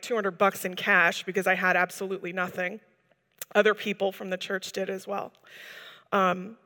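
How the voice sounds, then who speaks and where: A woman's voice: medium pitch, bright, forceful tone, in a large hall. A woman giving a personal testimony to a gathering, telling her story earnestly and rambling with many fillers. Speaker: church member giving a testimony.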